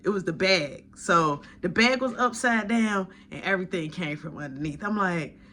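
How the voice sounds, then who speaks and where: A young man telling a story in casual slang, animated as he acts out what people said to him. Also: sits high, moderate pace, a little hiss or hum. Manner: animated retelling, acting out others' quotes in slang.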